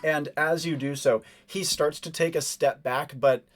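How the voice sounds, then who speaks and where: A man's voice: fairly high pitch, steady tone, a little slow. A man narrating as game master of a tabletop game, describing scenes at length with many fillers.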